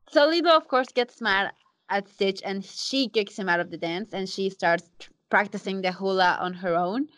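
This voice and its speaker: A young woman chatting casually as a podcast co-host, recapping a movie and quickly agreeing with her partner. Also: medium pitch.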